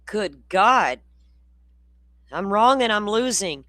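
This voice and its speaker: A low-voiced woman hosting. Her talk is blunt, sarcastic and full of swearing. The sound is dry and close. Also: normal speed, a bit bright, no echo. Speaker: host. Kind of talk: commentary on clips.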